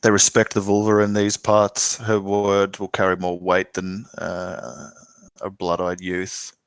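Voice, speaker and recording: Tabletop player, man, low flat smooth voice, dry room. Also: measured pace, dry recording. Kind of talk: tabletop game narration.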